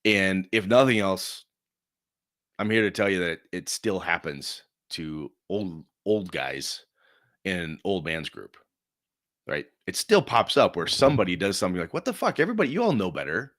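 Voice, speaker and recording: A man's voice: low voice, a little slow, dry recording, studio quality. A middle-aged man chatting casually about tabletop gaming, telling stories with lots of swearing. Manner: animated storyteller, swears freely. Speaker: podcast guest, game master. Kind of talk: casual chat.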